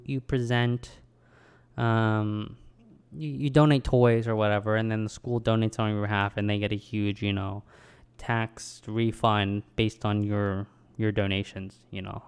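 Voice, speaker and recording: A young adult man casually recalling a childhood memory, rambling and animated with lots of ums and likes, mocking himself. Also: lowish voice, normal speed, clear, resonant tone. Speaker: vlogger. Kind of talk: casual personal storytelling.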